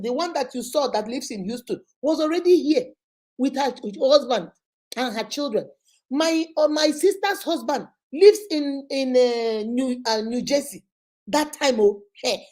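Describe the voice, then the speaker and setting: A Nigerian woman hosting a vlog, telling a personal story in an animated, conversational way. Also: sits high. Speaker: vlog host.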